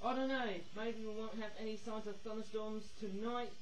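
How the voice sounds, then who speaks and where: An excitable man with a high voice chats his way through a toy review. His talk rambles and circles back on itself, full of "obviously" and a questioning "eh?", and his pitch keeps jumping up when something catches his eye. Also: moderate pace, slight background noise, rough recording. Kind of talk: casual toy review vlog.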